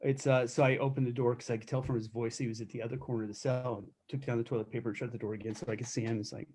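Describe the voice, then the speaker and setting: A middle-aged man with a mellow, warm tone tells stories in an easy, casual way. He is candid and wry, swears freely, and often restarts a sentence before he goes on. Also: medium pitch, level tone, very fast, a little hiss or hum. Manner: candid, profane, wry storytelling with many restarts. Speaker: self-defense instructor recounting corrections work. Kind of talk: casual storytelling on a live chat.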